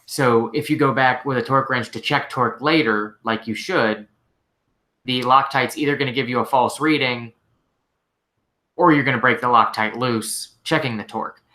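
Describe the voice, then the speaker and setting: Bright-voiced male shop mechanic host. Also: mid-range voice, normal speed. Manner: relaxed, rambling, frequent fillers like "like" and "you know". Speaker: host answering viewer questions. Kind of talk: casual live-stream Q&A.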